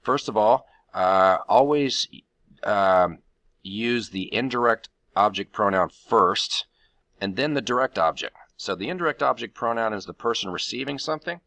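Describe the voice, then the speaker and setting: A man teaching a Spanish grammar lesson, walking through the steps of each rule with frequent fillers and pauses. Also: on the low side, expressive, fairly bright tone.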